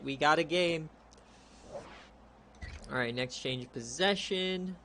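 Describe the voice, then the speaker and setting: A young man giving laid-back play-by-play commentary on a streamed video game, chatty and prone to excited outbursts. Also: mid-range voice, vocal fry, slight background noise. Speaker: league streamer.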